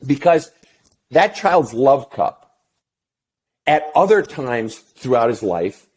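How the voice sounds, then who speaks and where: A middle-aged man talks as a counselor guest in a casual interview. He is blunt and swears freely. He tells his stories in an animated way, at a pitch neither high nor low. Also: slow, breathy edge. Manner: blunt, profane, animated storyteller.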